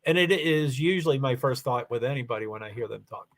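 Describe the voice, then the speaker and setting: A livestream host from Louisville, Kentucky, USA, speaks with a faint Southern accent in a mid-range, animated voice at a quick pace. He rambles through a casual livestream chat, hesitating and restarting often.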